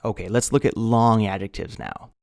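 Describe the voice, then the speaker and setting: Slow, deliberate male ESL teacher. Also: on the low side, vocal fry, dry recording, clean studio sound. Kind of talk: recorded grammar lesson.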